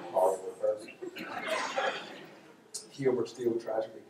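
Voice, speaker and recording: A man's voice: medium pitch, sing-song, takes it slowly, heavy background noise. Man, Dublin Irish accent, storyteller, rambling jokey asides, very echoey hall, distant mic. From Ireland. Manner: chatty, joking and self-mocking, many asides and restarts. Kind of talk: storytelling lecture to a live audience. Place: lecture hall.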